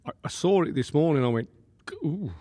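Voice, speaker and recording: A man, a pastor and podcast guest, telling stories in a lively way, laughing often and acting out the quotes. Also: fairly high pitch, a little fast. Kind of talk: animated storytelling. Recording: long room reverb.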